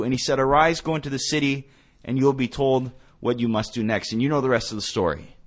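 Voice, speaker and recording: A man co-hosting a theological radio discussion, speaking emphatically and building to forceful peaks. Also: mid-range voice, expressive, brisk. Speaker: radio show co-host.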